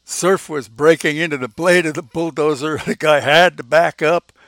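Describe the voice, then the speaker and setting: A man's voice: fairly high pitch, moderate pace, a bit bright, no room sound, studio quality. An older man hosting a podcast, telling old stories in a folksy, reminiscing way and chuckling often as he goes. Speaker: podcast host. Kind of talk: casual reminiscing storytelling.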